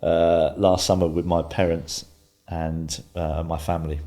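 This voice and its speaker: A man in his fifties, a podcast guest, calmly telling an anecdote and acting out the voices of the people in it. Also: low-pitched, a little slow. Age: 50s. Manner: calm storyteller, acts out voices in his anecdotes.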